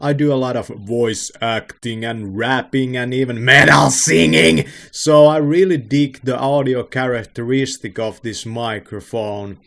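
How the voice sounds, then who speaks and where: A man explains a microphone setup in an unhurried, relaxed way. His speech is slow and steady, with a plain mid-range voice and a bit of gravel now and then. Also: medium pitch. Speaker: video creator demonstrating a microphone. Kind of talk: casual product demo.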